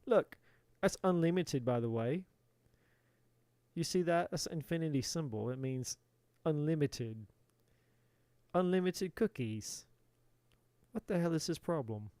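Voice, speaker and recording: Tarot reader, put-on British accent, profane, theatrical, mid pitch, dry close sound. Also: lively intonation, measured pace, pauses often, warm tone, no room sound. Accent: playful put-on British. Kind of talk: live tarot reading.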